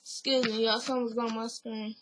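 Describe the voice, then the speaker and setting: A young woman casually recapping a reality show, animated and slangy, acting out what the people said. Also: a little high, fairly quick, rough recording. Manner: animated, slangy, acts out quotes.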